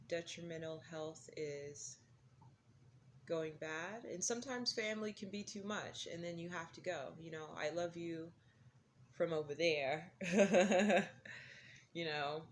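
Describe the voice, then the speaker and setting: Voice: medium pitch, a little hiss or hum. A vlogger in a casual, rambling chat, laughing often and making fun of themself. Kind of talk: casual chat while smoking.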